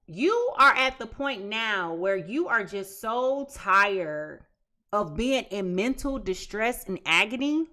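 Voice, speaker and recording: Emphatic bright-voiced woman reading tarot. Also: mid-range voice, very animated, takes it slowly. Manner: emphatic, piles up repeated phrases; chatty and slangy, restarts often. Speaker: tarot reader. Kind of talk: casual tarot reading to viewers.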